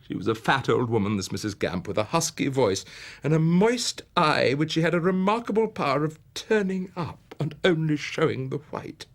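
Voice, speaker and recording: A man's voice: on the high side, lively intonation, moderate pace. A man narrating a one-man theatrical story, swinging from dramatic whispers to rising exclamations. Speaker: narrator and performer.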